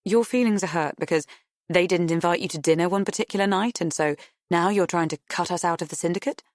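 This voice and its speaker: A woman's voice: lowish voice, quick pace, dry recording, clean studio sound, natural voice. A woman voicing a prim, cold wife who questions an old friend. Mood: accusing. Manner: prim, accusing.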